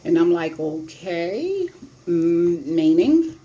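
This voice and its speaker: A woman's voice: fairly low pitch, sing-song, extremely slow, warm tone, muffled recording. A middle-aged woman hosting her own show, giving blunt advice on sex and relationships and retelling a story casually with quoted voices.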